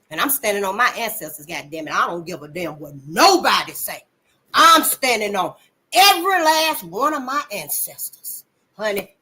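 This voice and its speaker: A woman hosting her channel, giving blunt, profane commentary and calling listeners honey, swinging between loud outbursts and low asides. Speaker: channel host. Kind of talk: impassioned commentary.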